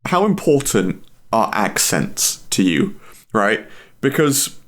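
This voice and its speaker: A man's voice: lowish voice, very animated, slow. A man co-hosting a podcast who talks bluntly and swears freely in casual chat.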